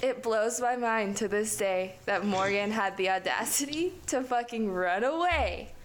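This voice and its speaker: A woman's voice: medium pitch, measured pace, slight background noise. Young woman telling a slangy story. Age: young adult. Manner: slangy, profane, lots of "like" and "dude". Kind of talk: casual storytelling.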